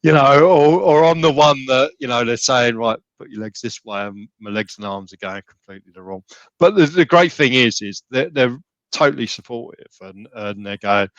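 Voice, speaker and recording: A man's voice: mid-range voice, moderate pace, no echo, dull audio. A man talking casually as a podcast guest, rambling with many restarts and fillers. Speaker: gym member guest.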